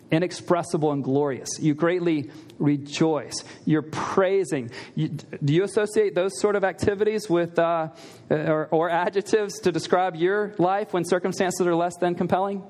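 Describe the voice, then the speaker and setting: A man's voice: high voice, a little mellow. A man preaching a sermon in a conversational way, asking the listeners rhetorical questions and repeating key lines for emphasis. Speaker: pastor.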